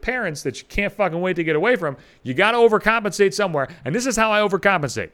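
A man's voice: rapid-fire, hardly any pauses. A man hosting his own podcast, ranting in a profane comic monologue with lots of swearing. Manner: rants with heavy swearing, animated swings in pitch. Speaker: podcast host.

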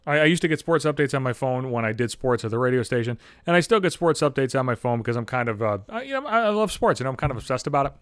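A man's voice: medium pitch, animated, racing, hardly any pauses. Furious, foul-mouthed man ranting on a podcast. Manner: angry, profane, heated ranting; stammering restarts when worked up. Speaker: podcast host. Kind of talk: solo podcast rant.

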